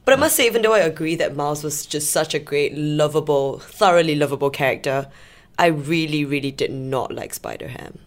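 A woman with a fairly low voice shares her take on a film in relaxed podcast chat. She is expressive and enthusiastic, and pokes fun at herself along the way. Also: fairly quick. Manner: enthusiastic, expressive, self-deprecating. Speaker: film critic podcast co-host. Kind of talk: casual film review chat.

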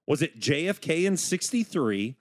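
Teasing male quiz host with a slightly high, very animated delivery. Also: moderate pace, no room sound, clean studio sound. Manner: playful, teasing, draws out questions. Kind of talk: casual radio chat quiz.

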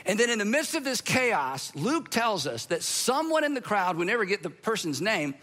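A man preaching a sermon, his voice sitting high and ringing bright. He talks to the audience in a lively, conversational way, with quick asides and direct questions. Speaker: pastor.

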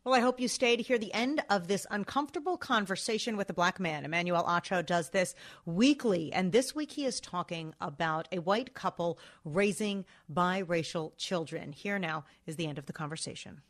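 A woman announcer reads a polished lead-in at a slow, deliberate pace. Her voice sits slightly low. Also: lively intonation. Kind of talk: broadcast announcement.

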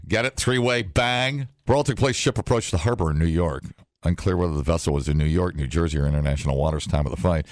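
A man's voice: low voice, no echo, clean studio sound. A man hosting a morning radio show, reading news items aloud with sarcastic wisecracks in casual banter.

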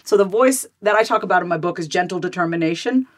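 Animated woman talking fast with many "like"s. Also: lowish voice. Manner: animated, fast, many "like" fillers and repeated starts. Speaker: podcast guest, therapist and author. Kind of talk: candid conversational interview.

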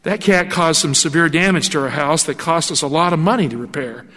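A male pastor telling a story in a sermon, animated and acting out the voices of the people in it. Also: fairly high pitch, brisk. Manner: animated storytelling with acted-out quotes. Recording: long hall reverb.

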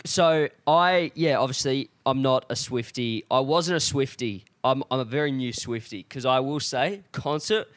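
A man's voice: medium pitch, normal speed, hardly any pauses, a bit bright, slight background noise. A young Australian man, a comedian co-hosting a podcast, telling a story in a laid-back, casual way and swearing freely. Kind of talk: casual chat.

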